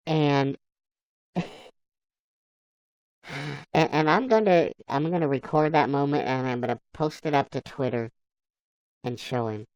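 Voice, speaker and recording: A man's voice: a little high, unhurried, long pauses, darkish tone, clean tone, no echo, muffled recording. A man on a live stream, chatting casually, laughing often and reading viewers' comments aloud. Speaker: livestreamer.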